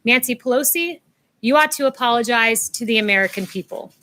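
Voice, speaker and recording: A woman delivers a prepared statement in a crisp, pointed way. Her voice sits a little high and rings bright and forceful. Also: a little fast.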